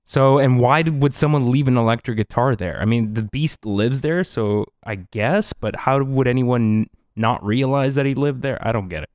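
A man's voice: medium pitch, moderate pace, hardly any pauses, darkish tone, clean tone, dry recording, studio quality. A man co-hosting a podcast in casual chat, skeptical and wry, full of questions. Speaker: podcast co-host.

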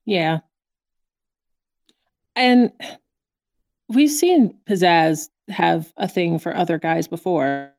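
A woman's voice: fairly low pitch, drawn-out words, long pauses, darkish tone, no echo. A woman co-hosting a podcast, chatting casually and animatedly about a cartoon episode, often laughing. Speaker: podcast co-host. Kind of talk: casual chat recapping a cartoon.

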